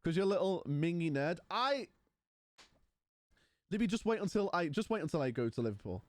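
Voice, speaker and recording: A male streamer bantering with his chat in a loose, teasing way. His voice sits a little high and swings animatedly up and down. The sound is close and dry, with no room around it. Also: big pitch swings, brisk, no room sound. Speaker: Twitch streamer. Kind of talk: casual live-stream chat.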